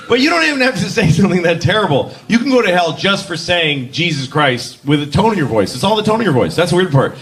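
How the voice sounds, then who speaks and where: Animated male stand-up comic. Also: sits high, a little fast, crowd noise, background noise. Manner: animated, mock-outraged, acts out voices. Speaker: stand-up comedian. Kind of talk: stand-up comedy set. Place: comedy stage. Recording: live club with audience laughter.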